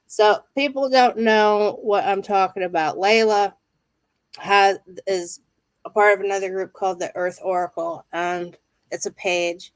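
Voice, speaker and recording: A woman from Ohio hosting a casual livestream from home, chatty and energetic as she talks to her viewers. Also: medium pitch, a little slow, no room sound. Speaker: livestream reader.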